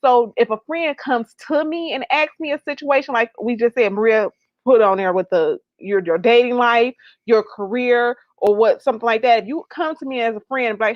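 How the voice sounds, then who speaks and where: A woman's voice: fairly high pitch, normal speed, no echo. A woman guest and author speaking bluntly and emphatically in a casual panel discussion over a video call. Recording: dull dry sound.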